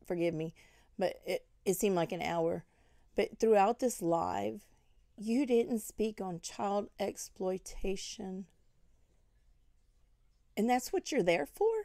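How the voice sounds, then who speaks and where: A woman's voice: medium pitch, creaky, mellow, no room sound, clean studio sound. A woman scolding another online creator in a commentary vlog, indignant and full of rhetorical questions. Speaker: commentary vlogger.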